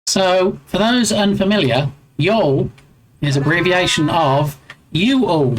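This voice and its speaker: A man's voice: high-pitched, slow pace, a little hiss or hum, low-quality recording. A man in his forties with an English accent, chatting casually with his live stream viewers and bantering playfully as he answers their chat.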